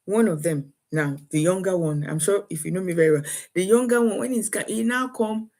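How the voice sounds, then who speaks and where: A woman from Africa giving parenting advice to camera. She talks in a lively way, repeats words, and acts out what parents and children say. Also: on the low side, brisk. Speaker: parenting coach.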